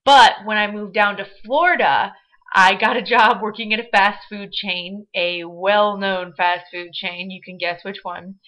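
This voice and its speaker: A woman's voice: medium pitch, pushed and bright. A young woman from Michigan with a Midwestern American accent, chatting casually and bubbly in a vlog with frequent fillers. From Michigan, USA. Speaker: vlogger. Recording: dull lo-fi webcam audio.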